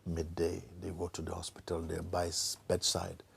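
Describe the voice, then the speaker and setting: A man giving a spiritual talk to a gathering, telling a story in a slow, playful way and acting out characters with gasps and laughter. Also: sits low, completely flat delivery, vocal fry, slightly rough. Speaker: spiritual teacher.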